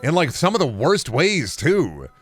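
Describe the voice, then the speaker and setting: Over faint background music, a young male streamer with a higher, breathy-edged voice speaks unhurriedly. He chats casually while gaming and rants in an animated way, swearing a lot.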